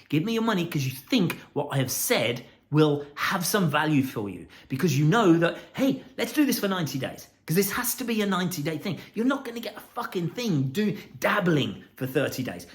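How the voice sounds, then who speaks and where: A man coaching about accountability in a blunt, intense, swearing monologue. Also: sits high. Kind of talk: profane motivational monologue.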